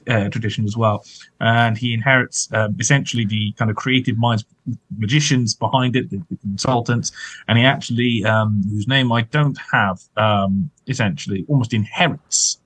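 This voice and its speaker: A man's voice: on the low side, breathy edge, dry recording, low-quality recording. Rambling man, dry close sound. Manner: rambling, lots of fillers and hedging. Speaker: podcast co-host. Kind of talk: casual film-history chat.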